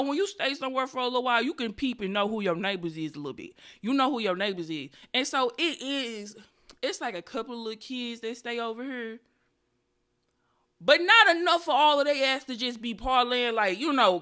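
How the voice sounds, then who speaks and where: A young woman with a slightly high voice tells a story on her own podcast, loose and profane. Her delivery jumps into loud, excited bursts and then drops back to a low mutter. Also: brisk. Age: 20s. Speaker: podcast host. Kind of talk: casual comedic storytelling.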